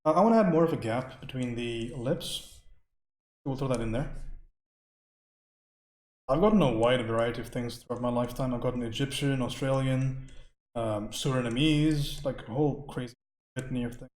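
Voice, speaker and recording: A man's voice: mid-range voice, normal speed, long pauses, darkish tone, echoey room. A man from India chatting casually with his stream viewers while painting. He rambles, laughs often and answers questions from chat.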